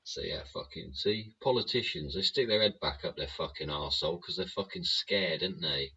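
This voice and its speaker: A man's voice: sits low, fairly quick, pushed and bright, breathy edge. A man hosting his own show, delivering a profane political rant full of swearing and tag questions. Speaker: show host. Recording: dull lo-fi sound.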